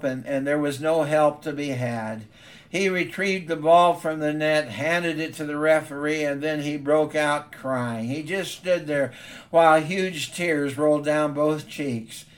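Man preaching a heartfelt story sermon, earnest and stammering, voice on the higher side.

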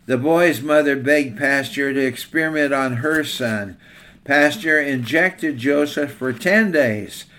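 A man preaching a sermon in a voice of middling pitch. He tells illustrative stories earnestly and slows down on the lines he wants to land. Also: a bit bright. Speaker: pastor.

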